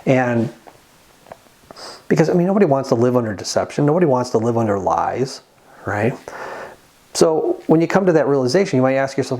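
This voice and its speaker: Guy doing an earnest casual sermon, reads bible verses out, mid-pitched voice. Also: lively intonation, a little fast, pauses often, mellow. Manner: earnest, conversational, reads scripture aloud. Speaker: Christian channel host. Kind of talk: sermon-style monologue.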